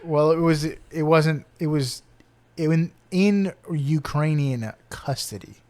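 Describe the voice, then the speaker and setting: A man co-hosting a podcast, quizzing his co-host in casual chat with quick asides. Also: on the high side, a little mellow.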